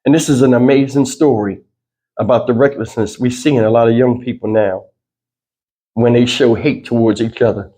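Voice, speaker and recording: A man's voice: mid-range voice, fairly even intonation, normal speed, warm tone, slightly rough. A man hosting his own channel, talking loosely through a news story with lots of fillers, still in his morning voice. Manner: loose, rambling delivery with frequent fillers. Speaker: channel host. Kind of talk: casual news commentary vlog.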